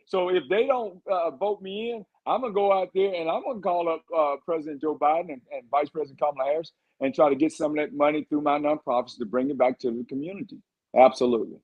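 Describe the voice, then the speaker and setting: Guy running for governor, husky voice, fired up and rambling, kinda dull lo-fi sound. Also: fairly high pitch, fast. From Texas. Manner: fired-up, rambling campaign talk. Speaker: candidate for governor, guest. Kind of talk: podcast interview.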